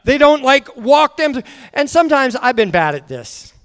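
A man's voice: extremely high pitch, big pitch swings, moderate pace, a bit bright, clean tone. A man preaching a sermon as a guest speaker, telling family stories with acted-out dialogue and frequent restarts. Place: church hall. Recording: echoey hall.

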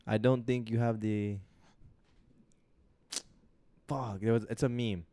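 Male podcast co-host, low smooth voice, rambling jokey chat. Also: fairly even intonation, normal speed, warm tone, no echo. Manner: laid-back, rambling, joking.

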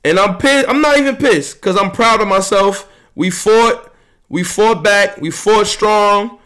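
High-pitched, boastful young podcast host. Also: male voice, measured pace, a bit bright. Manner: boastful, heated ribbing of friends, swearing. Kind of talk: casual trash-talking chat.

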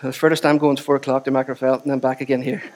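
A man's voice: mid-range voice, little pitch movement, very fast. A man, preaching a sermon with chatty asides and repeated phrases for emphasis. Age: 40s. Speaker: pastor.

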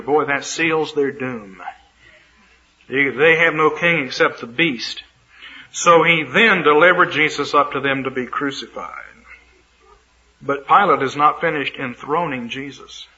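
A male Bible teacher reads a passage and then breaks off into emphatic, dramatic commentary on it. His voice is very bright and sits a bit high for a man. It comes through a dull, lo-fi radio broadcast. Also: a little slow. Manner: emphatic, dramatic retelling of scripture. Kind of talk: sermon reading scripture with commentary.

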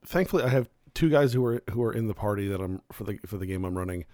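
Low-voiced man chatting casually, dry sound. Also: fast, no room sound. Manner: rambling, self-correcting, animated when telling stories. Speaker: game master. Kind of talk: casual chat.

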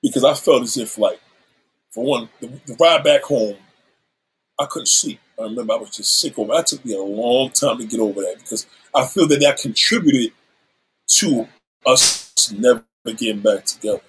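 A man's voice: medium pitch, moderate pace, fairly bright tone, rough recording. A middle-aged man candidly telling a story from his past, swearing freely and acting out the lines he quotes. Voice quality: husky.

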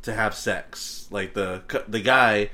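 A man's voice: fairly low pitch, takes it slowly, bright, forceful tone. An American man chatting casually on a podcast, slangy and laid-back, often laughing. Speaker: podcast co-host. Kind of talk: casual chat.

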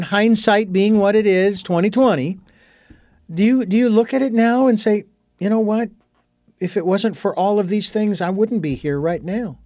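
A man with a fairly high voice hosts an interview. He speaks slowly and reflectively, sometimes hesitating, and the sound is dry and close. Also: a little mellow, no room sound. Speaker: interview host. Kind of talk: conversational interview questions.

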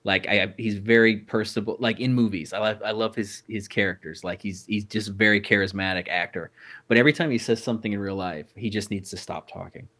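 A man's voice: on the low side, steady tone, fast, fairly bright tone. A man co-hosting a podcast in casual chat, rambling with frequent restarts and fillers. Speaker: podcast co-host.

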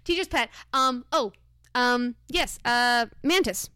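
A playful woman trading jokes on a casual podcast, her voice sitting a bit high. The sound is close and dry. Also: sharp tone, clear, resonant tone, no room sound. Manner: playful, quick with jokes, laughs often. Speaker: podcast co-host. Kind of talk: casual chat.

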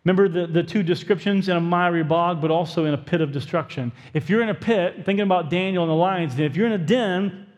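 A man's voice: sits high, quick pace, dull audio. Young man, pastor, conversational sermon storytelling, slightly raised voice, long reverb. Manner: storytelling, conversational, talks to himself in quotes.

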